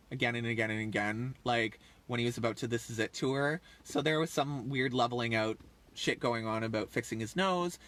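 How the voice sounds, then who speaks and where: A man's voice: medium pitch, fairly bright tone. A man in his thirties rambling casually on a livestream, chatty and full of fillers, often trailing off. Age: 30s. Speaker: livestream host.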